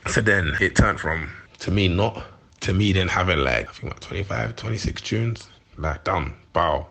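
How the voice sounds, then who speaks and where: A London man in his forties speaks as an interview guest, his voice deep but forceful and bright-edged. He talks in heated street slang, quick to laugh. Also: expressive, vocal fry, husky. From London, England. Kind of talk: candid interview chat.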